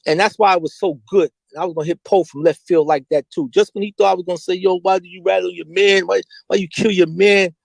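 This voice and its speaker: A man's voice: high-pitched, fast, creaky, few pauses, dry recording, poor audio. A middle-aged man, telling street stories candidly and with lots of slang as an interview guest. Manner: animated, slangy, mimics voices when quoting.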